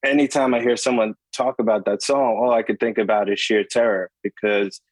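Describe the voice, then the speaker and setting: A man's voice: fairly low pitch, fairly even intonation, a little fast, dry recording, poor audio. A middle-aged man with a New York accent, a guest musician talking in a laid-back, filler-heavy way on a video call. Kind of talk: casual interview chat.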